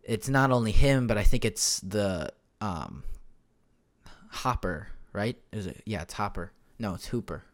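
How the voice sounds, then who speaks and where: A man's voice: on the low side, expressive, measured pace. Rambling young man on a podcast mic. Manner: rambling, many fillers and self-corrections. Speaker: podcast host. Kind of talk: casual solo podcast chat. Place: home room. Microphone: desk microphone.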